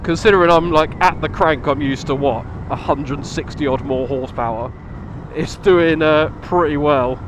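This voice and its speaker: Bloke vlogging from a helmet mic on his bike, slightly high voice, faint wind and engine hum, laughs a lot. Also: normal speed. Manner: chatty, laughs a lot, swears casually. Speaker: motovlogger. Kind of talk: casual chat while riding. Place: on a motorcycle outdoors on country roads.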